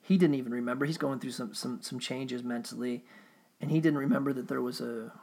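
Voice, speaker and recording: Creaky-voiced man rambling casually. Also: medium pitch, steady tone, a little fast, a little mellow. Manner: rambling and profane, with frequent restarts.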